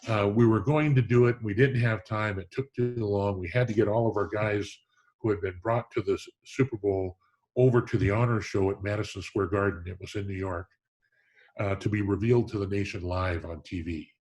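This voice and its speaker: A man's voice: fairly low pitch, steady tone, brisk. A middle-aged man, a hall of fame president, tells stories earnestly in an interview, often restarting his sentences. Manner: earnest, warm storytelling with frequent restarts. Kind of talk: storytelling in a conversational interview.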